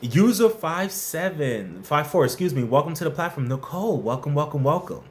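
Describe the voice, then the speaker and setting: A man hosting a relaxed advice livestream, his voice sitting a little high and swinging widely in pitch. He talks in a loose, playful, slangy way, reading viewer questions and welcoming people in the chat by name. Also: normal speed. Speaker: host of a workplace advice livestream. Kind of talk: casual live-stream chat answering viewer questions.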